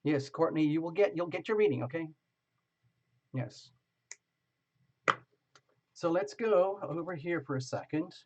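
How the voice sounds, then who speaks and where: A chatty man with a fairly high voice hosts a casual live tarot stream, greeting viewers one by one. The sound is dull and muffled, like a lo-fi recording. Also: a little slow, pauses often, a little mellow, slight background noise. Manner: chatty, greets viewers by name, laughs often.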